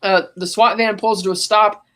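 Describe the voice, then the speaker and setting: A podcast co-host on a call, casually recapping a film scene beat by beat in an animated, storytelling way. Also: medium pitch, normal speed. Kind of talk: casual movie recap chat.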